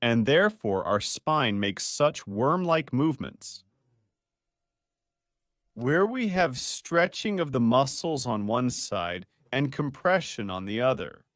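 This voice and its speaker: In a clean studio recording with no room sound, a male doctor with a mid-range voice gives a playful video lesson on spine health. He teaches in a lively way and quizzes his viewers as he goes.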